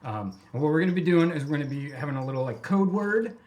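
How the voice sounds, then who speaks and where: A man's voice: fairly high pitch, lively intonation, fast, darkish tone, a little hiss or hum. A man on a game stream, casually explaining a contest with rambling stops and fillers. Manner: rambling, hesitant, lots of fillers. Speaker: player organizing a contest. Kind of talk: casual chat. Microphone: desk microphone.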